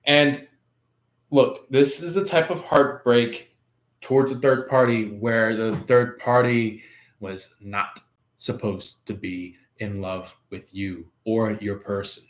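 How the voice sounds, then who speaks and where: Slow-talking man giving a tarot reading. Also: fairly low pitch. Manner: rambling, chuckling, acts out quoted lines. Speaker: tarot reader. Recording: echoey room.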